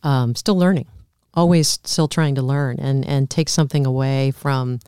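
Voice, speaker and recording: A man interviewing an author, talking casually and quickly, often repeating words as he gathers his thoughts. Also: mid-range voice, steady tone, darkish tone, clear, resonant tone, no echo, clean studio sound. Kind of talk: casual chat.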